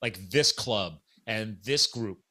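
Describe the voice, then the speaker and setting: Animated man telling a story. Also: lowish voice, slow pace. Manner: animated, acts out quoted dialogue. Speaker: podcast host. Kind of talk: casual storytelling chat.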